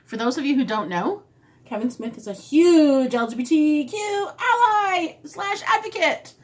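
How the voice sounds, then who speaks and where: A woman vlogger eats while casually telling a long story, her voice high-pitched and a little slow. She's chatty and animated, often acting out what she and others said.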